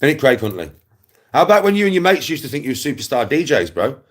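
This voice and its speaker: A man's voice: medium pitch, very animated, quick pace. A man, ranting casually to camera in a mocking, taunting way, repeating his jibes and breaking into laughs. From West Midlands, England. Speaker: vlogger.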